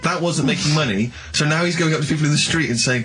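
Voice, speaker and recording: A man's voice: a little high, fast talker, a bit bright, a little hiss or hum. A male radio co-host quizzing the others with puzzled follow-up questions. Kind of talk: casual radio chat.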